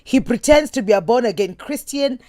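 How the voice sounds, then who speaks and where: A woman's voice: a little high, lively intonation, brisk, darkish tone, no room sound, clean studio sound. Chatty woman hosting a talk show. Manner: chatty, giggly. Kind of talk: reading listener messages on a talk show.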